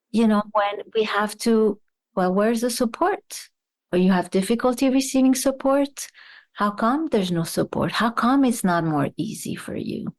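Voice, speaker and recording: Woman psychologist explaining with examples. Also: fairly high pitch. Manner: explains with worked examples and rhetorical questions. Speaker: psychologist guest. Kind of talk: explanatory interview talk.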